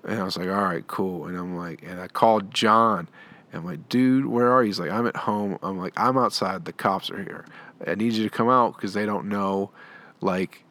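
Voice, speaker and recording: A man's voice: low voice, moderate pace, bright, forceful tone. A young adult man on a comedy podcast, telling a long story in a rambling, profane, laid-back way. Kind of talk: storytelling monologue.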